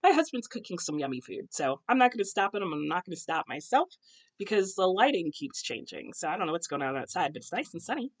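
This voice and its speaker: A woman's voice: fairly low pitch, very animated, fast talker. A young American woman chatting casually to camera about books at home, with many ums and self-corrections. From United States. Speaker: booktuber. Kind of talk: casual book chat to camera. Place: home, husband cooking nearby.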